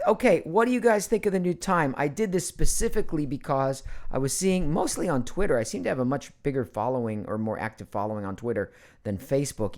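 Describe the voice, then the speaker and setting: A man's voice: mid-range voice, a little mellow. A middle-aged man, a voice actor, hosting a casual live Q&A from his computer at home, chatty and playful, hopping between topics. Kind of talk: casual live-stream chat.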